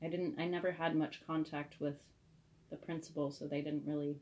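A woman's voice: deep voice, little pitch movement, brisk, darkish tone, highs cut off. A woman co-hosting a casual chat about a TV episode. She is chatty and asks curious follow-up questions. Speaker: podcast co-host.

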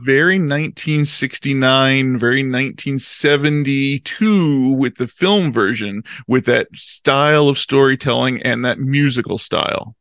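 A man's voice: medium pitch, measured pace, hardly any pauses, fairly bright tone, no room sound. Co-host guy, mid voice, dead dry recording, teasing his buddy. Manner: short backchannels, teasing. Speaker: podcast co-host. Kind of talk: casual chat.

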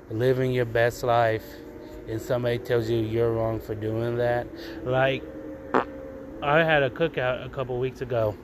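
A man's voice: medium pitch, background noise. A man hosting his own podcast from home, ranting casually with heavy swearing and mocking asides. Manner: profane, heated ranting, mocking. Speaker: podcast host. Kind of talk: casual solo rant. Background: cars passing outside.

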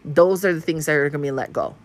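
A woman's voice: deep voice, fast talker. A woman from Hawaii hosting a casual spiritual podcast monologue, chatty and profane, laughing often. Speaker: podcast host.

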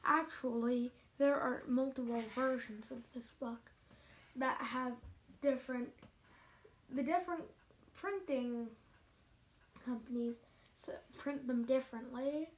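A woman's voice: sits high, steady tone, slow, pauses often. A woman chatting casually and arguing her point insistently. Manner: argumentative, insistent. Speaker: listener. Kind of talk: casual chat.

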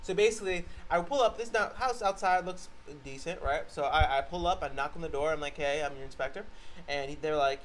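A man's voice: on the high side, brisk, few pauses, a little hiss or hum. A young man co-hosting a podcast, telling rambling stories in a casual chat, swearing and laughing often. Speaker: podcast co-host.

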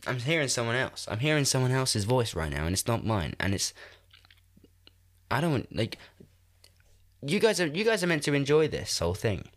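A man's voice: mid-range voice, big pitch swings, moderate pace, long pauses, fairly bright tone. A man, hosting a podcast in casual chat, sounding nasal and congested from a cold, rambling and laughing at himself. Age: 20s. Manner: rambling, self-deprecating, laughs often. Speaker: podcast host. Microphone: new podcast microphone.

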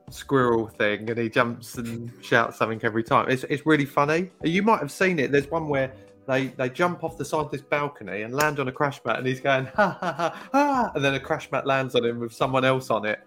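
A man's voice: mid-range voice, brisk, fairly bright tone, faint music behind. A man co-hosting a casual podcast, telling stories and acting out the voices of people he quotes. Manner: storytelling, acts out quoted voices. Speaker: podcast co-host. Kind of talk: casual chat.

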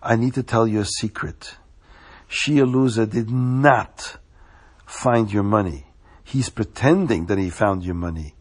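Man doing a hushed, guilty finder. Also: a little slow, slightly rough. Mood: confiding. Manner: low, hushed and remorseful. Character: guilty man who kept found money.

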